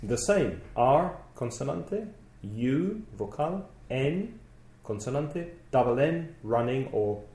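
A man's voice: medium pitch, animated, slow pace, warm tone, echoey room. A man answering as the student in a podcast lesson, working through spellings carefully, letter by letter. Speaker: student co-host.

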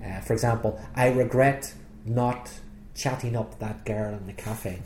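A man with a British accent, teaching English spelling rules patiently and clearly in a podcast lesson. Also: fairly low pitch, fairly even intonation, measured pace, darkish tone, roomy sound, slight background noise.

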